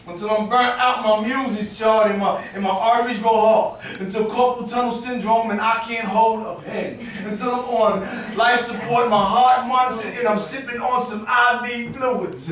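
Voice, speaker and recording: A Boston man performs rhythmic, rhyming spoken word poetry at an open mic, giving it dramatic emphasis. His voice is high-pitched and a bit bright, with slight background noise. The venue has an audience, and the room sounds echoey with the mic placed far off.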